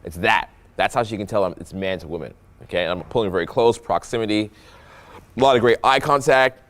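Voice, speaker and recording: A young man from Canada, a dating coach, talking through pickup clips with a playful, animated voice that drops low for effect. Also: fairly quick. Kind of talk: voice-over breakdown of pickup clips.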